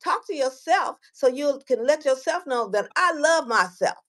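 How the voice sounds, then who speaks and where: Woman guest author, high-pitched, lively casual storyteller who performs the voices she quotes. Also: normal speed. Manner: animated, acts out quoted voices, repeats words.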